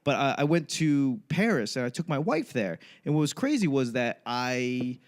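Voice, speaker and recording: A man's voice: mid-range voice, moderate pace. A man from the United States hosting a casual podcast chat, telling stories profanely and acting out quotes. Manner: profane, animated storytelling with acted-out quotes. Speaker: podcast host, comedian.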